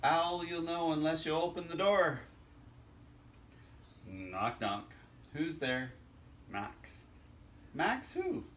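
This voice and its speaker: Male storyteller, slow and expressive, distant mic, light noise. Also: fairly high pitch. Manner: animated, chuckling at his own jokes. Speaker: storyteller reading a children's joke book. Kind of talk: reading jokes aloud to children.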